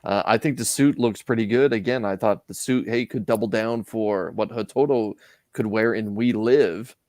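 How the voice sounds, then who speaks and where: A man co-hosting a casual podcast, talking in a halting way with many restarts. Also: lowish voice, darkish tone, no room sound, studio quality. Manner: halting, restarts his sentences. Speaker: podcast co-host. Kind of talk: casual chat.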